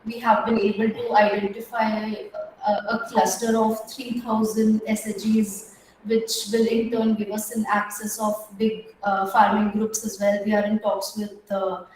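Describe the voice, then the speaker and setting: A young woman pitching her startup, a bit nervous, with many filler pauses and restarts. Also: flat delivery, darkish tone, slight background noise. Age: young adult. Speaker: startup founder. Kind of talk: pitch at an online women entrepreneurs' meetup. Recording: very echoey room.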